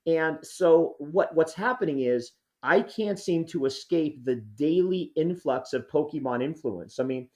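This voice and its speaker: A man's voice: fairly high pitch, measured pace, few pauses, a little mellow. A man in his sixties, a podcast co-host, delivering a rambling, mock-angry comedic rant. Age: 60s.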